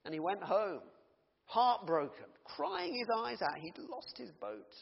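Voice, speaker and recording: Expressive male preacher telling a story. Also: high-pitched, unhurried, creaky, slight background noise. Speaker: pastor. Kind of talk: sermon storytelling. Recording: dull recording in a reverberant hall.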